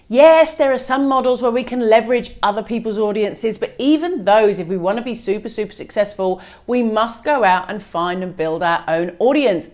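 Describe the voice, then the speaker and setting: A woman hosting her own business advice show, talking straight to the viewer in an energetic, emphatic way. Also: on the high side. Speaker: host of a business video show. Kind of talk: upbeat direct-to-camera advice.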